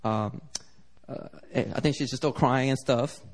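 In a medium-pitched voice at an ordinary pace, a male pastor preaches, telling vivid stories and voicing the characters himself.

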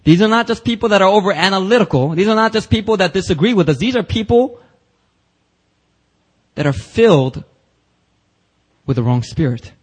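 A man's voice: high-pitched, lively intonation, moderate pace, long pauses, husky, poor audio. A man preaching a church sermon, emphatic and casual, with slang and rising intensity on quoted passages. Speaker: pastor. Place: church service.

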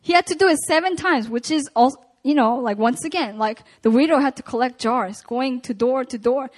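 A woman preaching at a prayer meeting, reading scripture and retelling it in a casual, animated way. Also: sits high, a little fast.

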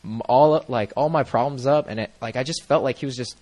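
A young man giving a personal testimony into a microphone at a church gathering, earnest and rambling, full of "like" and "you know" and quick to laugh. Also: mid-range voice, darkish tone.

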